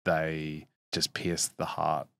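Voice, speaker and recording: Very deep voiced guy hosting a podcast, reflective and encouraging, dry sound. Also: completely flat delivery, slow pace, gravelly, pushed and bright, dry recording. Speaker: podcast host. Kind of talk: casual interview.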